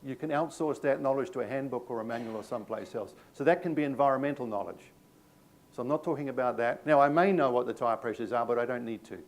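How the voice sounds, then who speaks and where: Running a live workshop for staff, a middle-aged New Zealand man speaks fast at a medium pitch, trading remarks with his audience. His style is conversational, full of self-deprecating anecdotes, and there is slight background noise.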